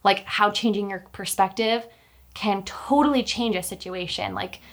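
A woman's voice: mid-range voice, moderate pace. A young woman telling a personal story in casual chat, talkative, with many fillers and restarts. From Utah, US.

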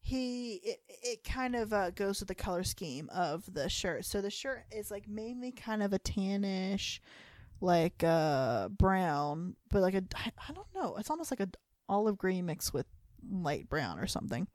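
A woman's voice: mid-range voice, big pitch swings, a little slow, a little mellow, no room sound. Rambling woman podcast co-host, dry mic. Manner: rambling, hesitant, many fillers and laughs. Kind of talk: casual chat.

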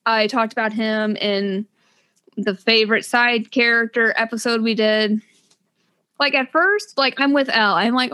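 A young adult woman co-hosting a casual book podcast, talking in an animated, gushing way with quick asides. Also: on the high side. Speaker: podcast co-host.

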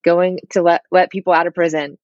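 A woman's voice: fairly low pitch, flat delivery, a little fast, a little mellow, dry recording, muffled recording. Chatty woman podcast host, dry sound. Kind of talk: casual interview chat.

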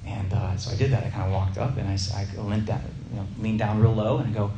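A man teaching to a small group in a sermon style, telling a personal story and slowing down to stress key words. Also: on the low side, roomy sound, a little hiss or hum, low-quality recording. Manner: conversational, stretches key words slowly for emphasis.

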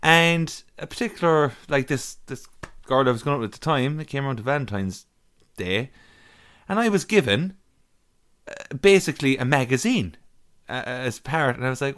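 A man's voice: mid-range voice, lively intonation, fairly quick, fairly bright tone. A man telling a story in casual podcast banter, swearing freely and laughing. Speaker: podcast co-host.

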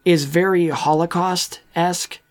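A man's voice: high-pitched, fairly even intonation, unhurried. A man co-hosting a podcast, recapping a movie in a loose, rambling way. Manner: rambling, loose, with restarts and acted-out quotes. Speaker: podcast co-host. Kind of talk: casual movie recap chat.

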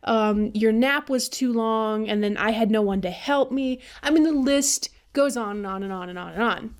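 A woman's voice: on the high side, moderate pace. A woman ranting casually to her viewers in a blunt, profane, rambling way, full of fillers and swearing. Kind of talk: casual rant to camera.

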